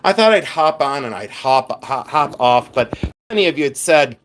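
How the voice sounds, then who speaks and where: A man's voice: medium pitch, lively intonation, moderate pace, fairly bright tone, a little hiss or hum. A man hosting a live stream, chatting casually and playfully with viewers, teasing and laughing often. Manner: chatty and effusive.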